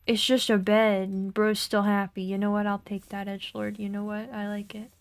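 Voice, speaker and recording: A woman's voice: medium pitch, completely flat delivery, normal speed, dry recording. A young woman streaming a game, chatting casually, giggling often and reading game text aloud.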